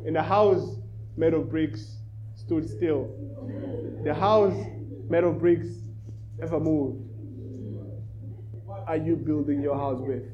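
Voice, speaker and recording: A man preaching to a church, telling a children's story with lively energy. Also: a little high, slow, pauses often, highs cut off, noisy background. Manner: animated storyteller, rising in volume. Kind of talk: sermon with storytelling.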